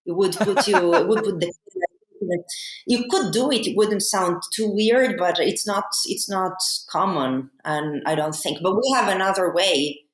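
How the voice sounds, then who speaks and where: A woman's voice: mid-range voice, lively intonation, unhurried. A woman, a philosophy guest on a podcast, explaining her ideas thoughtfully with frequent fillers. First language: Italian. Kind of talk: academic podcast conversation. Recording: echoey room.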